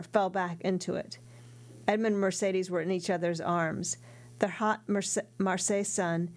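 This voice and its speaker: A woman narrating a classic novel aloud in a steady, earnest reading voice. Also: fairly low pitch. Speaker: audiobook narrator.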